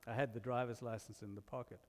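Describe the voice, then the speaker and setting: A man from abroad delivers a sermon in an animated storyteller's manner, slipping self-deprecating humor in between the spiritual points. His voice sits in an ordinary middle pitch. The sound carries the long reverb of a church hall. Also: quick pace. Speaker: guest minister. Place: church sanctuary.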